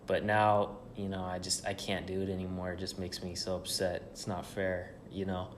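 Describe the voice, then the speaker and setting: Speaking at normal speed in a low, completely flat delivery, a young man co-hosts a podcast and tells rambling stories full of swearing. The casual chat has slight background noise.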